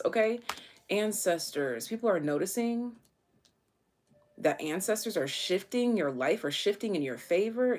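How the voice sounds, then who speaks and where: A woman's voice: medium pitch, a little mellow. A woman giving a casual, chatty tarot reading to her viewers, full of slang and fillers. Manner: chatty, slangy, thinks aloud with many fillers. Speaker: tarot reader.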